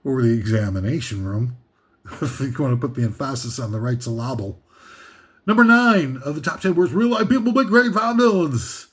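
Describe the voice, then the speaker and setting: A man's voice: a little high, very animated, normal speed, a bit bright, slightly rough. A man hosting a comedic countdown list, ranting sarcastically and rambling with many fillers and asides. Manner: sarcastic, meandering, with frequent fillers and laughs. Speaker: host.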